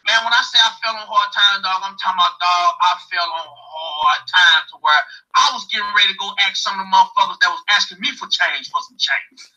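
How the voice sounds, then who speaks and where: A man telling a story on a talk show, animated and profane, acting out what other people said. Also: sits high, fairly quick, muffled recording.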